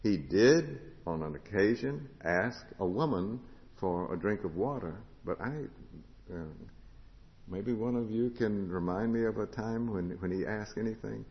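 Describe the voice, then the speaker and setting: A man preaching a sermon, asking the congregation questions and moving between loud proclamation and hushed, quiet passages. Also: on the low side, measured pace, gravelly. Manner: rises to loud proclamation, drops to hushed tones. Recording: lo-fi recording with long hall reverb.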